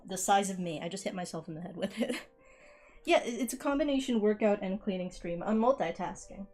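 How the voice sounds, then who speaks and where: A woman's voice: medium pitch, expressive, a little fast, darkish tone, soft background music. A young woman streamer chatting casually in her bedroom as she tidies, rambling and poking fun at herself with frequent laughs. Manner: rambling and self-mocking, laughs often. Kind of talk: casual chat while cleaning.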